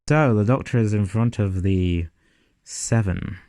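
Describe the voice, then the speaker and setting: A man's voice: fairly low pitch, a little slow, warm tone, no echo. A man giving a casual, sarcastic and profane review of a TV episode.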